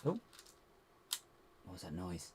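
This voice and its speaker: A man's voice: wildly swooping pitch, takes it slowly, noisy background. Chatty man rambling while building. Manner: chatty, rambling self-talk with playful squeaky exclamations. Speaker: LEGO builder and channel host. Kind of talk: casual building vlog, talking to viewers.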